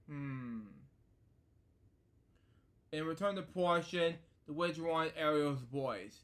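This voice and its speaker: A man reads a children's storybook aloud, often breaking off for rambling asides. His voice sits somewhat high, and his delivery is loose and unscripted. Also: takes it slowly, long pauses, a bit bright. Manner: rambling asides, many fillers like "anyway" and "so there you go". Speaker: storybook reader and host. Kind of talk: casual storybook read-aloud with commentary.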